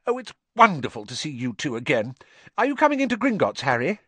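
A man voicing an eager, quick-talking young schoolgirl witch. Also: on the high side, huge pitch swings, a bit bright, breathy edge, no echo, voice pushed up, heavily acted. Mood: excited. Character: bossy bright schoolgirl witch.

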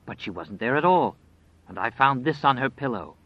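A man voicing an anxious young man who talks in a hurried, worried way. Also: mid-range voice, animated, dry recording, close to an everyday voice. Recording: dry, slightly dull recording.

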